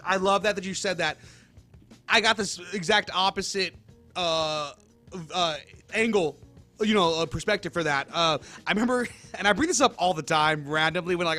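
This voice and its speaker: A man co-hosting a casual chat, an animated storyteller who laughs often. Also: high-pitched, moderate pace, soft background music. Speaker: co-host.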